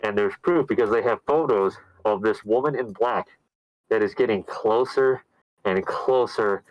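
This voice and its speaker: A man casually recapping a horror movie on a podcast, telling the story with lively put-on voices. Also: measured pace, no room sound, lo-fi sound. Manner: animated storyteller, acts out characters in loud high voices. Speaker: podcast co-host.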